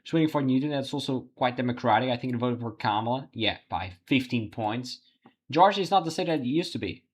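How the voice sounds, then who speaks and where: A man hosting a livestream, giving live election results commentary while thinking aloud, halting with frequent restarts. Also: medium pitch, expressive, slightly rough. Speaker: livestream host.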